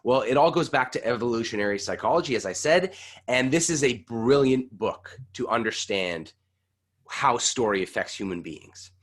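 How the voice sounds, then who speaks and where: A man leads an online voice workshop, coaching breathing and tongue twisters over a video call. His voice sits at an ordinary middle pitch. He talks with plenty of energy and belts out the demonstrations. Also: animated, moderate pace.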